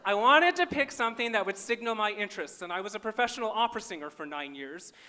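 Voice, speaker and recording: A man from small-town Minnesota does stand-up on a festival stage, speaking fast into a handheld mic with lively intonation. His high voice rings bright and sharp, and he delivers jokes with wry, self-deprecating timing.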